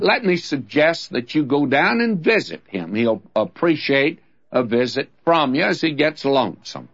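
An older man with a Southern US accent, teaching the Bible on the radio in a folksy, conversational way, telling stories as he goes. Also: medium pitch. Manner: folksy, conversational preaching with storytelling. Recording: dull lo-fi old radio recording.

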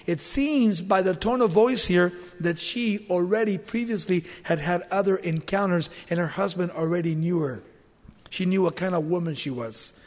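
A man preaching a sermon, dramatically acting out the lines he quotes, with sudden jumps in volume. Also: long reverb tail. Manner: dramatic, acts out quoted lines with big swings in pitch and volume.

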